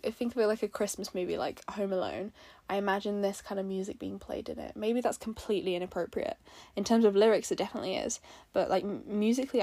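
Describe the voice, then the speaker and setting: A woman's voice: mid-range voice, vocal fry, darkish tone, dry recording. A woman breaking down a song in a casual, emotional way, rambling with fillers and restarts. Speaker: music reviewer.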